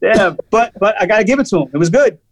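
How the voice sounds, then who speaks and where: A man's voice: high voice, fast talker, poor audio. A man, a guest musician, telling casual stories animatedly with lots of restarts. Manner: animated, restarts often, laughs through stories. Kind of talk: casual storytelling.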